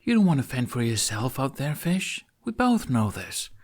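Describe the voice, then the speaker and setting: A man's voice: medium pitch, sing-song, normal speed, pitched above the performer's own voice. Male reader as a confident young Viking woman, firm and commanding. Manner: firm, clipped, no-arguing.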